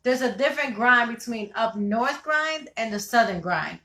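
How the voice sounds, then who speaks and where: A woman from Connecticut co-hosting a casual talk show, animated and playful, telling stories with acted quotes. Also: a little high, moderate pace, roomy sound. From Connecticut, USA. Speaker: podcast co-host. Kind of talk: casual chat.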